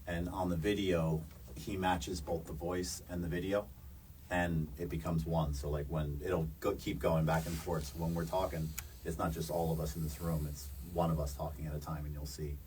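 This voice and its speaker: Deep-voiced man explaining the setup. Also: flat delivery, darkish tone. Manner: slow, patient explaining. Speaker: audio technician. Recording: distant mic with faint noise.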